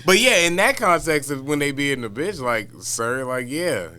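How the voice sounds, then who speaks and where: Smooth-voiced man ranting on a podcast. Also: a little high, moderate pace. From Wisconsin, US. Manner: relaxed storyteller, detailed rants. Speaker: podcast co-host. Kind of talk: casual comedic podcast chat.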